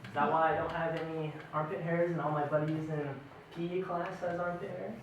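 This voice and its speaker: A young man doing a stand-up story, animated and self-mocking, acting out the other people in it. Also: fairly high pitch, a little fast, slight background noise. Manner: animated, self-mocking, acts out quoted voices. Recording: very echoey room, mic far off.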